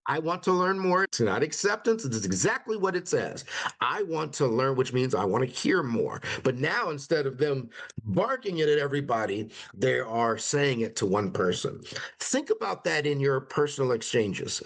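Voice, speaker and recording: A man giving a conflict resolution webinar at a mid-range pitch. His delivery is casual and talky, and he slips into quoted dialogue with quick pitch jumps. He sounds like a trainer teaching his audience. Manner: conversational, acts out quoted lines with lively pitch jumps. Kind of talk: webinar presentation.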